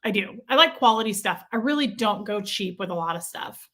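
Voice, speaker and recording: Bright-voiced woman venting on a livestream. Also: medium pitch, lively intonation, fairly quick. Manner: chatty, venting, repeats herself. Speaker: livestream host reading chat. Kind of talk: casual livestream chat.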